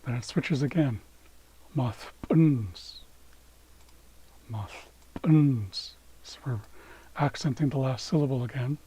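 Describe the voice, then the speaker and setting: A man giving a screen-share language lesson, saying each word slowly twice so it can be repeated. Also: mid-range voice, fairly even intonation, warm tone, slightly rough, poor audio. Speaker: language teacher.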